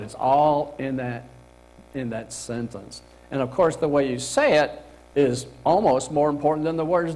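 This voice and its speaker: Middle-aged man, career workshop presenter, casual and animated, mid-pitched voice. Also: low-quality recording. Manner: animated, acts out example lines with laughs. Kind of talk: casual talk to a group. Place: meeting room.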